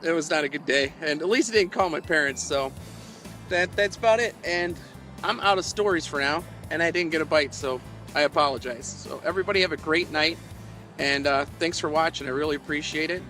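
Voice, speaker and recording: A man's voice: on the high side, a little fast, pushed and bright, faint music behind. A man on a live fishing stream, rambling through old stories with plenty of chuckles and self-mockery, talking to his chat. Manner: chuckling, meandering, self-mocking. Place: outdoors by the water while fishing.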